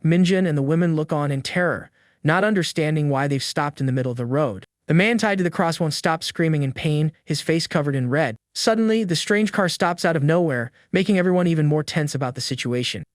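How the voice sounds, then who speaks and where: A man reading a scripted story recap in an even, steady narrating manner. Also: a little high, no room sound, studio quality.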